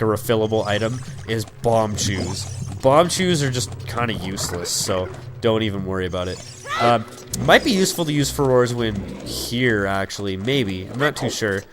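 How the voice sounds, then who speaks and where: A young man giving casual, rambling gameplay commentary, crude and full of fillers. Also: medium pitch. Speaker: let's play commentator. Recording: game music behind.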